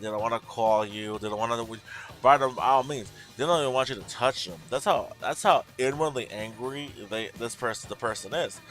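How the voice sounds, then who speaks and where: A man hosting a relaxed tarot livestream vents in a blunt, exasperated way, swearing freely as he talks back to his chat. His voice sits at a middling pitch. Soft music plays quietly behind him. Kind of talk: casual livestream rant.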